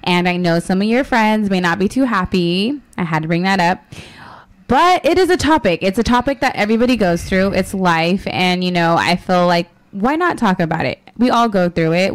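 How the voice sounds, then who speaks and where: A young woman hosting a radio talk show, chatting casually and fast with a lot of fillers and giggles. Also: lowish voice.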